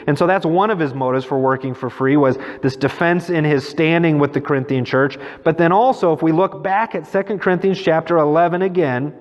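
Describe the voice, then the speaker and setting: A middle-aged man preaching a sermon in a conversational way, mixing scripture with personal stories. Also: a little high. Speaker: pastor. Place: church sanctuary. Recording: dull sound with long church reverb.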